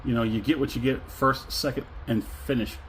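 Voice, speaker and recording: A middle-aged man reviews a whiskey in a relaxed, casual way, his voice sitting at an ordinary pitch. He talks with effusive delight, savoring each sip and humming and chuckling along. Faint room ambience lies behind him. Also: normal speed, a little hiss or hum, poor audio.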